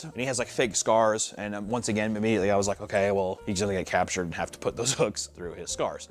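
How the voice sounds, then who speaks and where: A man giving casual, comedic movie commentary, swearing freely and mimicking characters. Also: a little high. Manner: swears a lot, mocks line reads with put-on voices. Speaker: movie reviewer.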